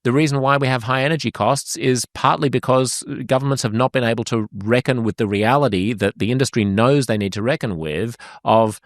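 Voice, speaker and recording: A man's voice: medium pitch, a little fast, few pauses, dry recording, studio quality. A male host giving analytical commentary, methodically laying out his points one by one.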